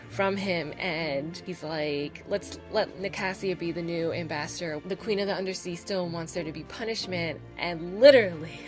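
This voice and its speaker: A woman casually reviewing a novel on her channel, gushing and chatty, with lots of "like" and "oh my God". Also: low-pitched. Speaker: book reviewer. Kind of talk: casual spoiler-filled book review.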